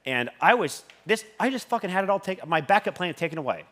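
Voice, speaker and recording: A man giving a motivational talk on a conference stage. He swears constantly and keeps surging in volume when he gets excited. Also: sits high, fast talker. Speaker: conference speaker.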